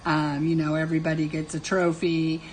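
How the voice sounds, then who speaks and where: Chatty low-voiced woman in her fifties. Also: completely flat delivery, fairly quick, darkish tone, a little hiss or hum, low-quality recording. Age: 50s. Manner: chatty, self-mocking, laughs often. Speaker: live stream host. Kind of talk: casual chat while drawing.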